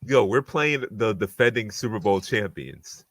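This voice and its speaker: A man co-hosting a casual sports podcast, running through a schedule game by game. His pitch swings up and down with plenty of life. The sound is dry and close, with no room around it. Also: no room sound. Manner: animated, grading each game in a quick list. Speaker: podcast co-host.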